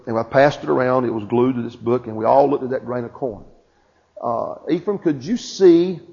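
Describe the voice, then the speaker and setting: A man's voice: medium pitch, gravelly, darkish tone. A man preaching a sermon with fervent emphasis, questioning his listeners as his voice rises and falls. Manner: fervent, rising and falling emphasis, questions to the congregation. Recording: dull lo-fi with long reverb.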